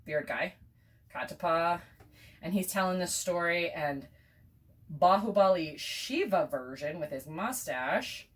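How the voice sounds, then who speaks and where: A woman's voice: on the low side, expressive, takes it slowly, distant mic. An American woman casually recapping a film, chatty and sarcastic, with many fillers and whispered asides. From United States. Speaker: teacher explaining a film.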